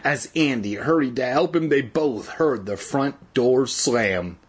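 A man with a very husky, raspy voice reads a children's story aloud. His delivery is lively, moving freely up and down in pitch. He tosses in irreverent, crude jokes between the lines. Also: measured pace. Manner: irreverent, crude jokey asides. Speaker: reader. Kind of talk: comedic storybook read-aloud.

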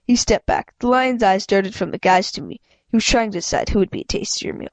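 Woman, amateur storybook reading, stumbles and restarts, mid-pitched voice, dry close sound. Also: a little fast, hardly any pauses, no room sound. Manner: reads with frequent stumbles and restarts, voicing characters with raised pitch; apologizes and comments between passages. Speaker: amateur reader. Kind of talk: reading a children's book aloud.

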